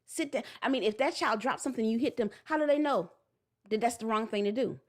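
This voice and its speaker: A woman in her forties giving a blunt, animated parenting talk that slips into acted-out voices. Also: a little high, fast. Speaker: parenting vlogger. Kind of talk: casual preachy monologue.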